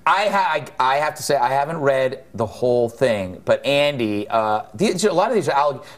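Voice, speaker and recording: A man's voice: mid-range voice, animated. Wry, sardonic male talk show host. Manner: wry, sardonic, quick jokes at panelists. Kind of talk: late-night panel banter.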